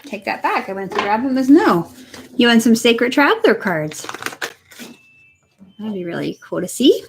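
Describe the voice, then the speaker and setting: A young woman giving a spiritual energy reading on a live stream, talking softly and encouragingly to viewers by name from a room at home. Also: a little high, sing-song, normal speed, slight background noise. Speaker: energy reader. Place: home room next to her computer.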